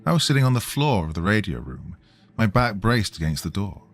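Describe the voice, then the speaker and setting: A man reading a scripted horror story in a measured, grave manner. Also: on the low side, sing-song. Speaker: narrator.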